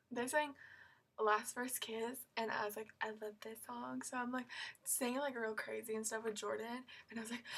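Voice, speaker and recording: A woman's voice: on the high side, a bit bright, slightly rough. A teenage girl telling a story in a vlog, gushing and rambling with many fillers and squealing when she quotes herself. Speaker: vlogger.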